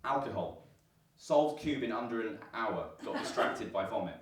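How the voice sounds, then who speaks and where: At a student comedy night, a young adult man performs stand-up with a dry, self-deprecating delivery packed with ums and uhs. His lowish voice is expressive and at normal speed, taped from afar on a distant mic in an echoey room. Audible noise and audience laughter fill the background.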